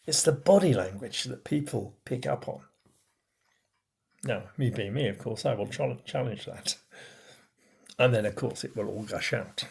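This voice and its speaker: A middle-aged man teaches with deliberate, unhurried pacing, leaning hard on key words before dropping his voice. His tone is husky, with a gravelly fry under it. He speaks as a bishop giving a lesson on communication. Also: medium pitch. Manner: emphatic, stresses key words with pauses and swings in loudness. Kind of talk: recorded teaching talk.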